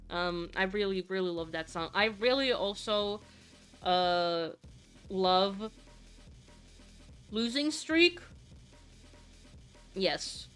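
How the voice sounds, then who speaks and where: A woman's voice: medium pitch, sharp tone, clean tone. A woman streamer chatting casually to her viewers, gushing and swearing freely in rambling asides. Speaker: vtuber streamer. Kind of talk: casual live-stream chat.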